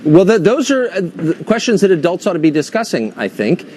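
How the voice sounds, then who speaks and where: A man's voice: sits high, big pitch swings, brisk, a little mellow, slight background noise. Pointed male news host. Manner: pointed, skeptical questioning. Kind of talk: cable news interview.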